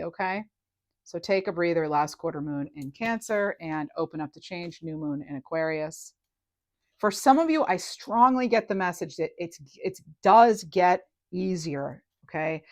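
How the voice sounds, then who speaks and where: A woman giving a casual tarot reading to her viewers, chatty and reassuring, often checking in with "right?" and letting phrases trail off softly. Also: fairly low pitch. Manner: chatty and reassuring, with frequent "right?" and "you know". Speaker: tarot reader.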